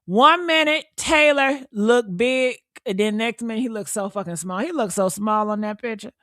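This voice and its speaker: Brief: high, bright-voiced woman, blunt and profane commentary, dry close sound. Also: moderate pace, no echo. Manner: expressive, blunt, profane, swinging from loud outbursts to muttering. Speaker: commentator reacting to a story. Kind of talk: casual reaction commentary.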